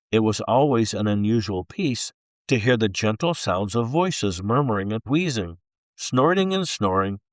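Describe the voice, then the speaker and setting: A man reading a chapter of a faith-based book aloud in an expressive, unhurried storytelling manner. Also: lowish voice, no room sound, studio quality. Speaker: book reader.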